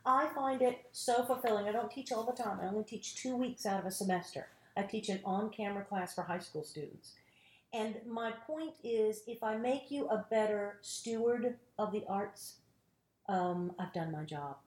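A woman with a Southern American accent talks openly in a casual interview, quick to laugh and firm in her opinions. Her voice sits at a medium pitch, and the room adds a noticeable echo. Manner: animated, opinionated, laughs often. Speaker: actress and teacher.

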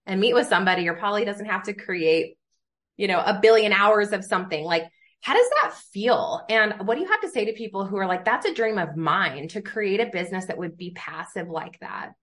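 A woman's voice: medium pitch, animated, brisk, fairly bright tone. A woman hosting a faith and business podcast, talking in an enthusiastic, chatty way full of "like". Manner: enthusiastic, chatty, uses many fillers like "like". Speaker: podcast host. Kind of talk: casual podcast conversation.

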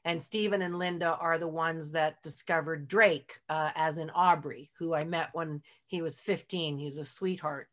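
A woman's voice: deep voice, steady tone, normal speed, hardly any pauses, fairly bright tone. A middle-aged woman, a guest on a podcast, telling stories from her career in a chatty, heartfelt way, full of "like" and "you know". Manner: heartfelt, openly emotional. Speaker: interview guest. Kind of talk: casual storytelling in a podcast interview.

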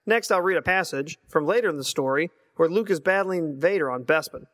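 A man's voice: a little high, a little fast, a bit bright. A man in his thirties leaving a voicemail, reminiscing earnestly and reading passages aloud. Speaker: listener voicemail. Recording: long hall reverb.

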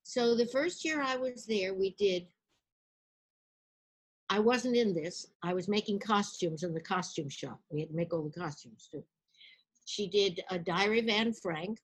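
An older woman, an actress, recounting her past in a storytelling interview, lively and acting out the people she quotes. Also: medium pitch, a little slow, husky.

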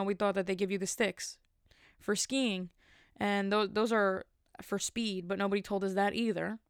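A woman's voice: mid-range voice, clean tone, dry recording, clean studio sound. A woman telling a rambling comic story, sassy and self-mocking, with many asides and restarts.

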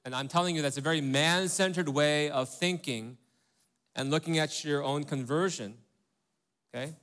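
A man's voice: a little high, normal speed, a bit bright. A man preaching a sermon as pastor, talking in a conversational way and asking rhetorical questions, often checking in with "right?" and "okay?".

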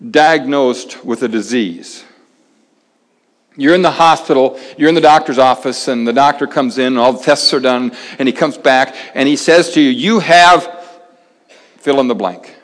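A man preaching a sermon in a conversational way, pausing dramatically and dropping his voice very low for emphasis. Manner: conversational, dramatic pauses, drops to near-whisper for emphasis. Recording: long reverb of a large hall.

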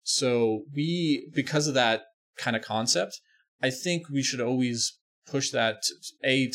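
A man's voice: medium pitch, vocal fry, fairly bright tone. A man hosting a podcast, chatting casually and speaking earnestly and emphatically. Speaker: podcast host.

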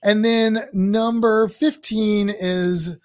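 A man's voice: high voice, steady tone, extremely slow. A man co-hosting a podcast, rambling through a walkthrough and cracking jokes and puns. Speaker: podcast co-host. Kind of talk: casual chat.

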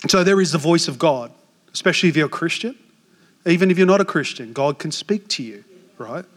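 High-voiced Australian pastor in his forties. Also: fairly quick. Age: 40s. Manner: animated storytelling with self-mocking humour. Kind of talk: sermon. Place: church hall. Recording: long hall reverb.

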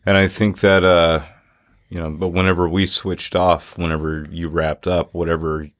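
Man, extremely low voice, casual host, relaxed, dry sound. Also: moderate pace, no echo. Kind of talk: casual chat.

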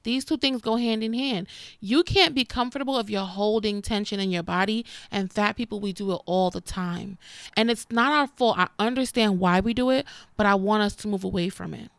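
A woman's voice: medium pitch, brisk, gravelly, no room sound. A woman in her twenties talking straight to her viewers, candid and sassy, calling them honey. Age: 20s. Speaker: vlogger. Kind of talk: casual talk to camera.

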